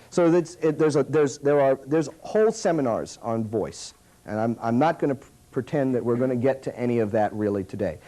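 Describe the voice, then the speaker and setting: A man teaching a puppetry workshop in an animated, demonstrative way. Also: mid-range voice, brisk, poor audio.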